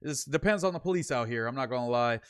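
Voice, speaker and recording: A man's voice: mid-range voice, lively intonation, fast, a bit bright, clean tone. Slangy young man rambling on stream. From Sacramento, California. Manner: rambling, slangy storytelling with many fillers. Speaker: streamer hosting a late show. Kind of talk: casual livestream chat, reading viewer comments.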